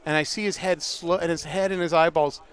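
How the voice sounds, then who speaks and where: A middle-aged man, casually telling animated paintball stories as a livestream commentator outdoors. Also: a little high, fairly quick. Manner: animated, laughing storyteller.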